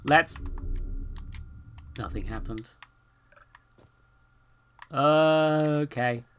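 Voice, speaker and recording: A woman's voice: low-pitched, drawn-out words, clear, resonant tone. A woman streaming horror games, chatting and reading in-game notes aloud. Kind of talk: live game stream commentary.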